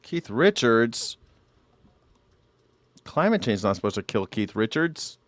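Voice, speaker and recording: A man's voice: lowish voice, very animated, fairly quick, background noise. A man hosting a live news reaction show, talking loosely and profanely in rambling rebuttals. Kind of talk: casual reaction commentary.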